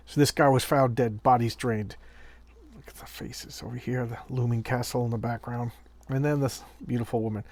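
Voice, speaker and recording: A man casually paging through an old horror comic, talking with rambling enthusiasm and drifting into soft, quiet asides. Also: mid-range voice. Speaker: comic collector reviewing an issue.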